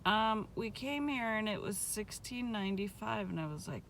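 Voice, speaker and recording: A woman's voice: medium pitch, animated, moderate pace, a bit bright, slight background noise, poor audio. A middle-aged woman vlogging a casual food review in a restaurant, chatty and rambling with lots of fillers.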